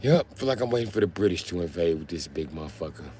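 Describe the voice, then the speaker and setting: A man's voice: sits low, expressive, fast talker, a little mellow, soft background music. A man who works as a mechanic, chatting casually and profanely on a livestream, joking around.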